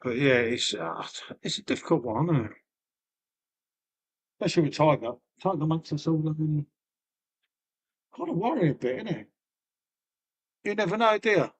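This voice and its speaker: A man's voice: fairly high pitch, animated, moderate pace, pauses often, breathy edge. A middle-aged man, chatting casually and rambling to his live-stream viewers, swearing and laughing often.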